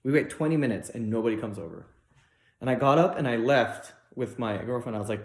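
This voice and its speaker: A man's voice: mid-range voice, very animated, moderate pace, a little mellow, reverberant. Rambling young man telling a story on stage. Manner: rambling storytelling with many likes and restarts; acts out other people in raised mock voices. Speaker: stand-up comedian. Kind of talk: unrehearsed stand-up set.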